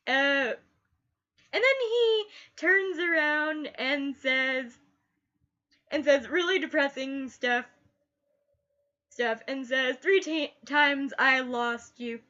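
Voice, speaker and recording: A woman's voice: sits high, slow, pushed and bright, muffled recording. A woman reviewing a TV episode in casual chat, gushing and often repeating her last word.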